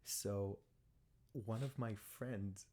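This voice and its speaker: A man's voice: lowish voice, steady tone, drawn-out words, warm tone. A man co-hosting a podcast, chatting casually, laughing often and filling with "like". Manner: laughs a lot, heavy use of "like". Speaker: podcast co-host. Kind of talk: casual chat. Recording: noisy background hiss.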